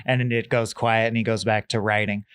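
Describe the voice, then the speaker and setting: A man's voice: fairly low pitch, a little fast, clear, resonant tone, dry recording. Guy cohosting a film podcast, acts out all the lines, dry close mic. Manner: animated, acts out characters' lines while recapping. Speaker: podcast co-host. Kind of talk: casual film discussion.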